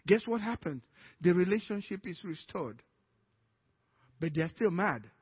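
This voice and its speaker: A male pastor with a Nigerian accent preaching a sermon, animated, acting out little dialogues as he teaches. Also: sits high, unhurried, breathy edge, long reverb tail. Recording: dull lo-fi sermon recording.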